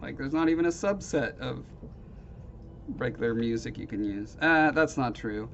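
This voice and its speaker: A man's voice: medium pitch, normal speed, gravelly, a bit bright. Rambling man on a lo-fi live stream. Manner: rambling, hesitant, self-deprecating. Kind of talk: casual chat with viewers. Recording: dull lo-fi stream audio with faint noise.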